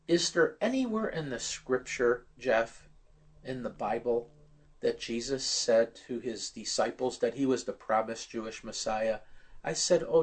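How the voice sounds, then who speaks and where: Earnest man telling a testimony. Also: medium pitch. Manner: earnest storytelling, quoting dialogue. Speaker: guest sharing testimony. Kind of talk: personal testimony in conversation.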